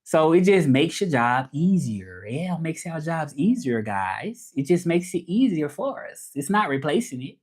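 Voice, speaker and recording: A man's voice: a little high, big pitch swings, moderate pace, few pauses. A man with a Southern US accent hosts a casual livestream. His talk is loose and rambling. He answers viewers' comments as they come in. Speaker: livestream host and interpreter.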